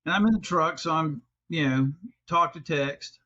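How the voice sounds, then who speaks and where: Man, high voice, profane storyteller, exasperated outbursts, dull lo-fi sound. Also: moderate pace. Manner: animated, profane, jumps into loud exasperated outbursts. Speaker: podcast host. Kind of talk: casual storytelling chat.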